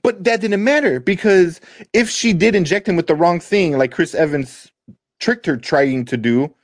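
A man's voice: high-pitched, normal speed, no room sound. Profane, ranting man with a dry, close sound. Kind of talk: casual chat.

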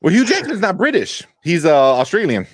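A man's voice: high-pitched, huge pitch swings, fairly quick, noisy background. A man co-hosting a podcast, chatting loosely at a desk mic, swearing freely and laughing often. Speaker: podcast co-host. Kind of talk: casual chat.

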